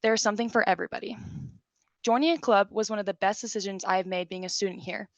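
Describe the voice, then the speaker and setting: A teenage girl reads out a prepared speech at a brisk pace. Her voice sits in a middle pitch with a steady, recited delivery. The recording is dry and close. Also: no room sound, dull audio. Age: teens. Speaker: student government officer. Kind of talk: prepared speech read aloud.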